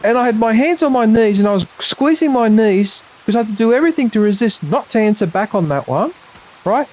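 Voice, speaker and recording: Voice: medium pitch, expressive, brisk, a little mellow, poor audio. Swearing, indignant Australian vlogger. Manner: indignant, swearing often, repeating points. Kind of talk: angry monologue to camera.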